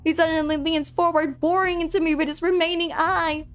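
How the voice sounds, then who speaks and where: A woman streaming a game, reading its text aloud in a playful, animated way and chatting with her viewers between the lines. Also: very high voice, a little fast, few pauses, soft background music. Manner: animated, playful, reads narration with asides to chat.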